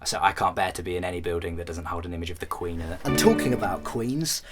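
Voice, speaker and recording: A man's voice: deep voice, fast talker, over loud music. A young British man telling a comic travel story as a vlogger, rambling and self-deprecating, with many false starts.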